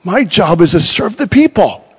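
Middle-aged male preacher, lively sermon storytelling, slightly high voice, reverberant hall sound. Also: moderate pace, breathy edge. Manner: animated, storytelling with acted quotes.

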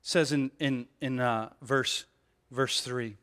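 Building his point through restarts and repeated words, a male pastor preaches with animated delivery, rhetorical questions and frequent "right?" asides. He speaks slowly in a mid-range voice, and the recording carries a long hall reverb.

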